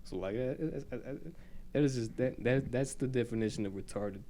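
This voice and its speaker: A man's voice: mid-range voice, normal speed, warm tone, slight background noise. A young man from the United States co-hosting a casual podcast, rambling and repeating himself with lots of "like". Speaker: podcast co-host. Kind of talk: casual stoner chat.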